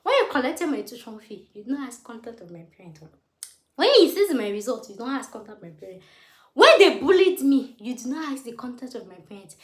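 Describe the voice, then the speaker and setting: A woman in her late twenties with a Nigerian English accent, retelling a story with animated, indignant emphasis and acted quotes. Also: high voice, brisk, echoey room. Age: 20s. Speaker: vlogger. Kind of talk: storytelling to camera.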